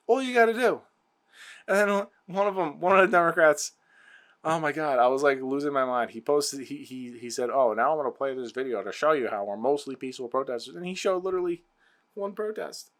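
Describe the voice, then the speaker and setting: A man's voice: a little high, a bit bright. A man hosting his own show, ranting heatedly and exasperatedly about politics, repeating himself. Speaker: podcast host. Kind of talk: political rant.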